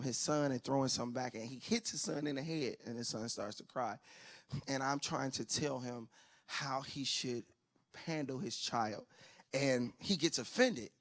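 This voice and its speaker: A man doing stand-up comedy on a church stage, telling family stories and acting out relatives in loud, high voices. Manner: animated storyteller who acts out family members in loud high voices. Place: church stage before a live audience.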